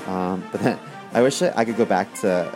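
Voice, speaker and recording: A man co-hosting a comedy podcast, talking in a rambling, halting way with many restarts. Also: fairly low pitch, over music. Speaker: podcast co-host. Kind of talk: comedic chat.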